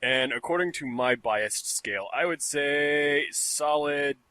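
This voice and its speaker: A man's voice: on the high side, slow pace, sharp tone, smooth, no echo. A young man hosting a casual podcast, joking and teasing his guests and laughing often. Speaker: podcast host.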